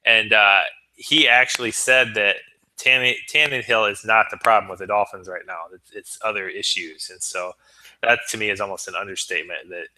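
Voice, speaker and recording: A man's voice: fairly low pitch, steady tone, normal speed, pushed and bright, poor audio. A man co-hosting a sports talk show, earnest and stammering as he builds long arguments. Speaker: podcast co-host.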